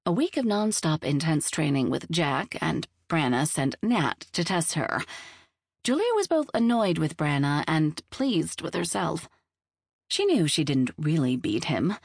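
A woman reading a novel aloud in measured, even storytelling. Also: low voice, vocal fry, husky, no echo, studio quality. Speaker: audiobook narrator. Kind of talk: scripted narration of a novel.

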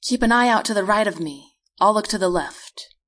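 A woman voicing a calm protective young man. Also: mid-range voice, moderate pace. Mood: steady. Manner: steady, reassuring lines.

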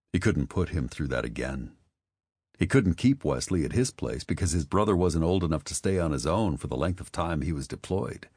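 A man narrating an audiobook in a measured, steady way. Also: rumbling low, husky, no echo. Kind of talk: scripted narration.

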